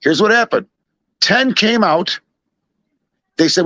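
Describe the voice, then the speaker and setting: A man from Chicago with a high voice talks slowly, spinning a long, rambling anecdote in casual conversation. As the storyteller guest, he retells dialogue in an animated way and keeps wandering into asides, all captured in a dull, lo-fi recording that is dry with no echo.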